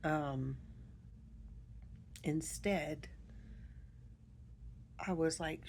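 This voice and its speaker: A middle-aged woman speaks in a soft, emotional personal monologue, pausing often and drifting now and then into a near whisper. Her voice sits fairly low and mellow, and her pace is very slow. Faint background noise sits behind her. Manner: soft-spoken, emotional, halting with many pauses. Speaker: vlogger.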